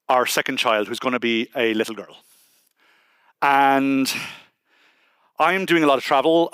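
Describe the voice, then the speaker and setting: A man's voice: medium pitch, smooth, no echo. An Irish man speaking at a conference, telling a personal story in a chatty, conversational way and quoting people as he goes. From Ireland. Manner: conversational, quotes people in lively asides. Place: conference hall stage.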